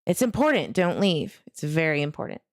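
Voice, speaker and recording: Woman, true crime host, casual chat, frustrated, low pitch, dry close recording. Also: sing-song, a little fast, no room sound. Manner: frustrated, talks to viewers, laughs between remarks. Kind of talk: casual chat to viewers while searching online.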